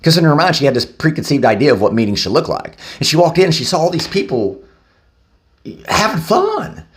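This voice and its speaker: A man's voice: a little high, big pitch swings, fairly quick. A man speaking casually to camera, telling a recovery story loosely, with many fillers. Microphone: handheld camera.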